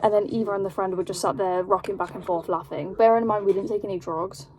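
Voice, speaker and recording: A young British woman telling a story in a casual vlog, rambling and animated, with lots of fillers. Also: medium pitch, fast talker, a crowd in the background. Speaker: vlogger.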